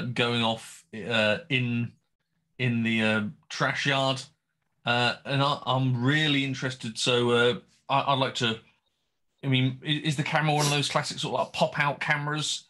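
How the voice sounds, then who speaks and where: A man playing a tabletop game, speaking haltingly with many fillers. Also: mid-range voice, a bit bright. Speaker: player.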